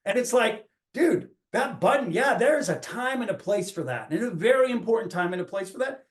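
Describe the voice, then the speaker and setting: A man's voice: sits high, big pitch swings, a little fast. A man in his forties, a coach talking earnestly in a reflective podcast, often restarting his phrases as he thinks aloud. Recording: roomy echo.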